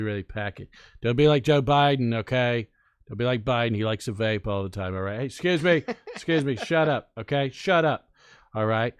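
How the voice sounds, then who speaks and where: A man's voice: mid-range voice, clear, resonant tone, no echo, studio quality, natural voice. A man doing an impression of a boastful, bossy male politician, repeating himself and talking over interruptions. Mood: brash.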